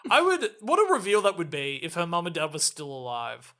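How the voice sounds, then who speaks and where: A man co-hosting a film-review podcast with sarcastic, exasperated quips. His voice is bright and fairly high for a man, and it rises and falls in lively swings. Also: brisk. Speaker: podcast co-host. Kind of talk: casual comedic film-review chat.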